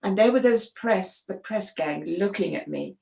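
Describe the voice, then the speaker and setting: A sports photographer tells stories in a conversational interview, animated and often restarting her sentences. Her mid-range voice is unhurried and creaky, and the recording carries a roomy echo.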